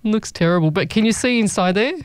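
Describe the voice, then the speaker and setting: A woman's voice: mid-range voice, fairly quick. A woman hosting a casual call-in radio show, chatty and familiar, calling listeners "lovey". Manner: chatty, warm-hearted, calls listeners "lovey". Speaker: radio host. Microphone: studio microphone.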